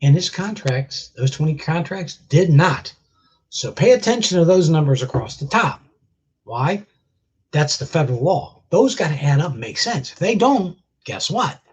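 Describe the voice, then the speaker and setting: A man's voice: on the high side, expressive, normal speed, slightly rough, dull audio. A man with a chest cold, bluntly scolding viewers in a casual live stream rant and swearing freely. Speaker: vlogger.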